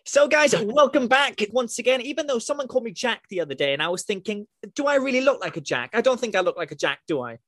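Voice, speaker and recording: Lively bright-voiced chatty podcast host man. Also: sits high, very fast, hardly any pauses, soft background music. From England. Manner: chatty, jokey, self-deprecating. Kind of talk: casual podcast interview.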